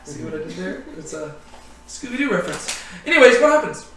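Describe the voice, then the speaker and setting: A man's voice: high voice, sing-song, brisk, fairly bright tone, a little hiss or hum. A man leading a casual group Bible study, joking and filling his talk with ums and likes. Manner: chatty, joking, many fillers. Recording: roomy, distant mic.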